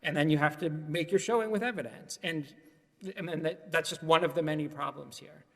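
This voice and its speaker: A man makes a quick legal argument before appeals judges. His voice sits fairly high, and the courtroom adds a long reverb tail. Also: vocal fry, fairly bright tone. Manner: quick, precise legal rebuttal. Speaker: government lawyer in appeals court. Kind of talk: formal courtroom oral argument.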